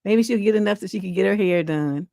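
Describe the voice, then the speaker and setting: A woman's voice: medium pitch, fast talker, vocal fry, no room sound, studio quality. Laughing woman hosting a live stream. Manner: laughs often, reacts loudly, quotes people in playful voices. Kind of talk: casual live stream chat.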